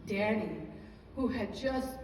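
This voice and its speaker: A woman's voice: medium pitch, expressive, slow, a little mellow, slight background noise. A woman giving an emotional church testimony, telling her story earnestly and praising God between sentences, recorded from far off in an echoey church hall.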